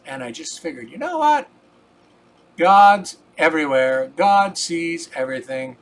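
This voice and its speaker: A man's voice: fairly high pitch, sing-song, a little slow. An older man telling a personal story in a casual, rambling, folksy way, repeating "I says" and turning earnest and preachy about faith.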